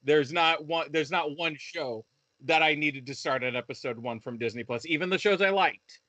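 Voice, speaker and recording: A man's voice: fairly high pitch, moderate pace, bright, forceful tone, no echo. A man co-hosting a review podcast, ranting in casual chat with lots of profanity and stop-start restarts. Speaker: podcast co-host reviewing shows.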